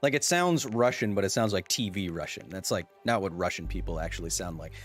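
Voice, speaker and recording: A man hosting a live game stream, joking and commenting excitedly as he plays. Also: low-pitched, a little fast. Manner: jokey, excitable, chatty. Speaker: streamer and host. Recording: stream music playing underneath.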